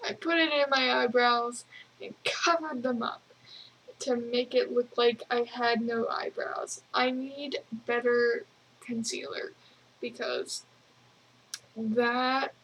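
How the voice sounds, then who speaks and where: Slow-talking high-voiced young woman vlogger. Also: steady tone, fairly bright tone, low-quality recording. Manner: rambling, giggly, lots of fillers. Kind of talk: casual video journal.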